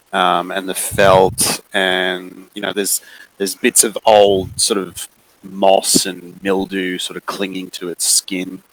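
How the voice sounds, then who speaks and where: A man narrating as game master of a tabletop game, slow and hesitant with many fillers. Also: sits low, fairly bright tone, poor audio. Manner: slow and hesitant, many ums and sort ofs.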